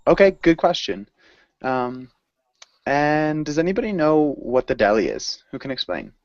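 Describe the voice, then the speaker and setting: A man's voice: on the high side, big pitch swings, moderate pace, no room sound, muffled recording. A man teaching an English class, patient and encouraging as he explains pronunciation. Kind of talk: online group language lesson.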